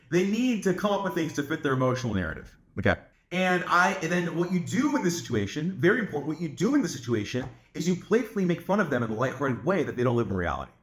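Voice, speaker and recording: Brash young man coaching with lively pitch. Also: reverberant. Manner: brash, boastful, swearing, lots of "like" fillers. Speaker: dating coach. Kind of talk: casual monologue to camera.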